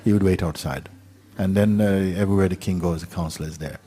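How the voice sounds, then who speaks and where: A man giving a spiritual talk, telling a parable in an unhurried, gentle way with pauses and fillers. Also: deep voice, fairly even intonation. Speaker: spiritual teacher.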